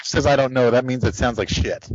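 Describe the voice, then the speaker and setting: A man's voice: mid-range voice, fairly quick, no room sound. A man co-hosting a casual podcast, swearing and joking about his own bad microphone. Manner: profane, self-mocking. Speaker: podcast co-host. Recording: bad noisy mic, lo-fi.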